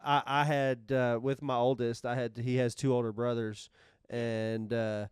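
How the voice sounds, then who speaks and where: A man's voice: medium pitch, little pitch movement, clear, resonant tone, no echo, studio quality. A man co-hosting a podcast, telling a personal story in rambling casual chat with many restarts. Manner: rambling, halting, restarts often. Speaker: podcast co-host.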